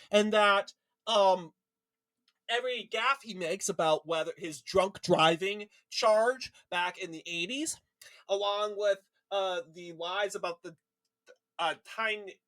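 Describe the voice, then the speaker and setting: A man from Minnesota delivers an opinionated political rant in an indignant, combative tone. His pitch swings up and down with lively emphasis, and he keeps throwing out rhetorical questions as he argues his point. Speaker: political commentator.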